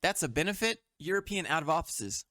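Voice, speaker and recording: Man, blunt and mocking commentary host, slightly high voice, dry close-mic sound. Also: animated, a little fast, sharp tone, no echo. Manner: blunt and mocking, with frequent swearing. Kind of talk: sarcastic meme commentary.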